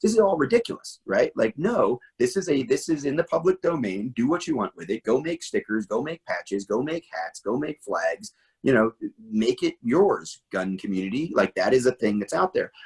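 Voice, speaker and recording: A man's voice: mid-range voice, very animated, normal speed, a little mellow, slightly rough, rough recording. A middle-aged man talking animatedly as an interview guest, full of asides and rhetorical questions. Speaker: interview guest, firearms trainer.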